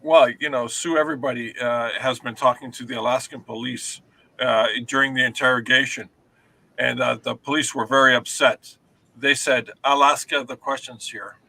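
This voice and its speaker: A man calling in with a slow, rambling joke setup. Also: mid-range voice, fairly even intonation, creaky, sharp tone, no room sound, low-quality recording. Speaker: caller.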